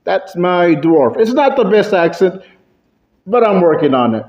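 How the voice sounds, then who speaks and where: A man delivers a prepared speech to a club in a meeting room, with a slightly raised voice. He talks slowly and varies his pitch and loudness for effect. The recording is dull and lo-fi. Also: very animated. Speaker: club speaker.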